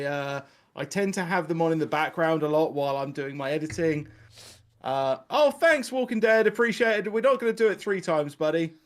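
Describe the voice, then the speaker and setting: A man hosting a casual podcast, talking in a rambling, animated way and laughing often. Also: fairly high pitch. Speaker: podcast host.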